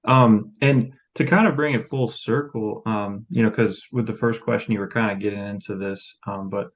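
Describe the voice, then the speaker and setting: A man hosting a podcast, asking questions in a relaxed, loose way. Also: lowish voice, moderate pace, lo-fi sound. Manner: relaxed, loose phrasing with fillers. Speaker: podcast host. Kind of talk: casual interview questions.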